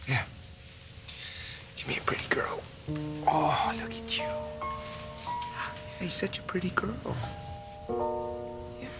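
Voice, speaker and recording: An actor playing a gentle young father who talks softly to his baby daughter in a TV drama. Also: mid-range voice, big pitch swings, normal speed, pauses often, over loud music. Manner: gentle, soft-spoken with a baby. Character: tender young father, shaken but gentle. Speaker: husband and father returned home. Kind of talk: TV drama acting.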